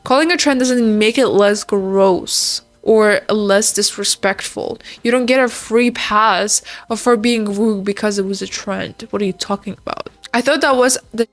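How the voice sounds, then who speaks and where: A woman's voice: mid-range voice, no echo. Chatty woman reacting to stories. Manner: chatty and emphatic, quick laughs, talking to viewers. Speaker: reaction video host. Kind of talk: casual reaction commentary reading stories aloud.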